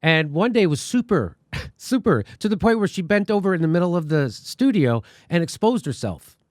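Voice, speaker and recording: A man's voice: high-pitched, very animated, normal speed, a little mellow, dry recording, studio quality. A man hosting a commentary show, telling a story in a sarcastic, indignant way. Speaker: host. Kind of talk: casual commentary.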